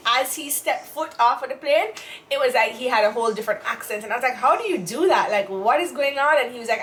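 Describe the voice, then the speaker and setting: A Jamaican woman co-hosting a relaxed chat show. Her voice sits a little high and she talks in loose, rambling runs with plenty of fillers. A faint hiss hangs under the recording. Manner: chatty, rambling with fillers and restarts. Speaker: co-host. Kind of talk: casual chat.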